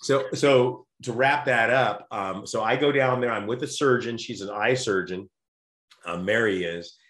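A low-pitched man tells an animated personal story, stumbling and restarting as he goes. The room around him rings with echo. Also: measured pace. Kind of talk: casual storytelling chat. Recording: roomy echo.

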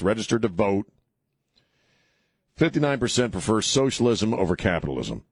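In a radio studio, a middle-aged talk show host delivers a casual monologue on his call-in program. His medium-pitched voice has vocal fry and the recording is clean with no room sound; he rambles sarcastically and restarts his sentences.

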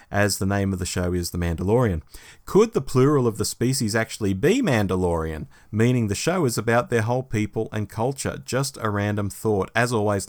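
A man co-hosts a casual podcast, reading out listener emails with animated expression. His voice sits fairly low. He sounds relaxed and conversational between emails. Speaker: podcast co-host.

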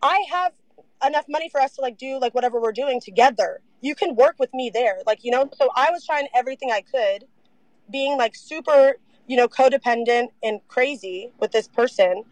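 A young woman telling her story in a casual interview, animated, saying "like" a lot and swearing freely. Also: on the high side, moderate pace, no echo, low-quality recording.

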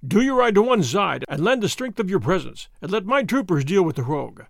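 A man's voice: high voice, very animated, brisk, vocal fry, dry recording, studio quality, heavily acted. A man voicing a pompous, flustered governor who blusters and pleads.

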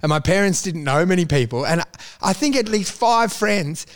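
A man's voice: sits high, expressive, moderate pace. A man from South Africa telling rambling, profane anecdotes in casual chat, laughing often.

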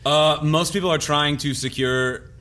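A man's voice: a little high, fairly even intonation, unhurried, sharp tone. A man as game master of a live tabletop game, explaining the rules in a loose, rambling way full of fillers.

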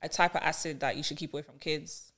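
Animated British woman chatting on a podcast. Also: deep voice, fast talker. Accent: British English. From United Kingdom. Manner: animated, laughs often, explains patiently. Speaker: podcast guest, skincare influencer. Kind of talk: casual podcast chat.

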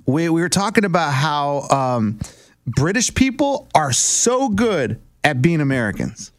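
A man's voice: on the high side, a little slow, no echo, studio quality. A man co-hosting a podcast, bantering casually and slipping into jokey voices. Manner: animated, does jokey voices. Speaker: podcast co-host.

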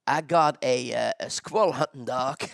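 A man with a gravelly, mid-pitched voice tells a dog-training story in loose, casual chat. He acts out the people in it and laughs as he goes. The sound is dry and close. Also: a little slow, no room sound. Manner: animated storyteller, acts out quotes, laughs often. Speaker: dog trainer and podcast host.

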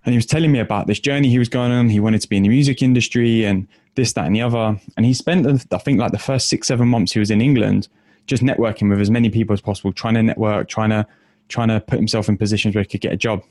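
A man, an author and coach, telling stories and answering viewers in a casual livestream Q&A, chatty and quick, with lots of fillers. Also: fairly low pitch, fairly even intonation, a little mellow, dry recording, studio quality.

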